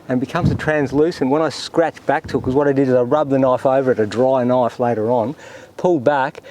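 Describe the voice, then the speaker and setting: A man's voice: mid-range voice, low-quality recording. A man, talking through his painting outdoors in an easy, reflective way. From Australia. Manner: relaxed, reflective, talks to himself while painting. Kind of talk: painting demonstration commentary. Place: outdoors in windy open country.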